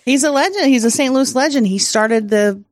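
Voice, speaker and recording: A woman's voice: high-pitched, moderate pace, no room sound, clean studio sound. A woman co-hosting a podcast in casual chat, blunt and swearing. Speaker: podcast co-host.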